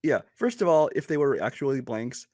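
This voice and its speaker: A man co-hosting a casual bad-movie podcast, jumping in with quick asides and corrections. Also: medium pitch, lively intonation, darkish tone. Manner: fast, chimes in with asides and corrections. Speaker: podcast co-host.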